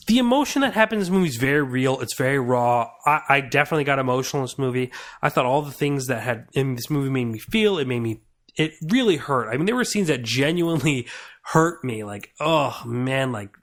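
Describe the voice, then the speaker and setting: A young man giving a casual, earnest film review on a podcast, rambling and restarting his thoughts. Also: mid-range voice.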